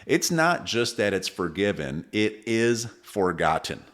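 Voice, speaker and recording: A man's voice: on the low side, big pitch swings, unhurried, fairly bright tone. A man co-hosting a parenting podcast, talking earnestly and telling stories, often restarting his sentences. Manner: earnest, storytelling with frequent restarts. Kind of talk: casual podcast conversation.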